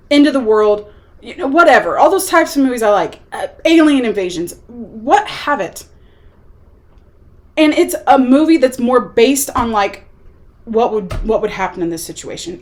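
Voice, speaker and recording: A woman talks through a film she disliked in a casual, exasperated rant. Her voice sits high and leaps around with lively swings. She slips into mocking voices when she quotes people. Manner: animated, exasperated, acts out quotes. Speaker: movie reviewer.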